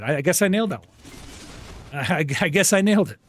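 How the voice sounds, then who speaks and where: A man's voice: quick pace, a little hiss or hum. A man streaming a game live, chatting casually and greeting viewers by name, with frequent restarts. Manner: rambling restarts, animated jumps in pitch. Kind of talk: casual live-stream chat while gaming.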